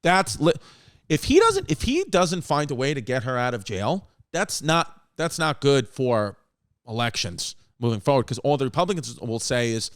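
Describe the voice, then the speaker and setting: A man's voice: mid-range voice, very animated, moderate pace, dry recording, studio quality. A man hosting a comedy podcast, telling rambling stories in casual chat, acting out what friends said and swearing freely. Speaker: podcast host.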